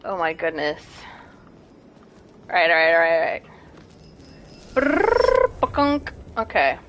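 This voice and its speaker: A young woman streaming a game, chatting casually and self-deprecatingly, with bursts of excited squeals. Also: sits low, moderate pace, very noisy. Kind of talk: casual gameplay commentary.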